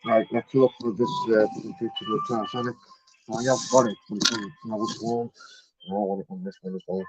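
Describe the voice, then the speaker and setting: A man's voice: lowish voice, steady tone, a little fast, noisy background. A man, complaining on a live-streamed phone call to customer service, chatty and mock-polite.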